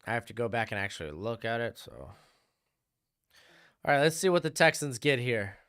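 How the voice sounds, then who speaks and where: A man's voice: mid-range voice, big pitch swings, normal speed, fairly bright tone, smooth. Chatty man reacting live to the draft. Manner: chatty, answers chat questions, offhand opinions. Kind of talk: casual live-stream commentary.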